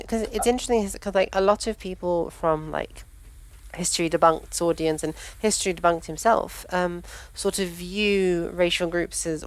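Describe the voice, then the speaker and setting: A woman chatting casually while gaming, sounding tired and hesitant as she thinks aloud. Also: fairly low pitch. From South London. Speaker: stream host and teacher.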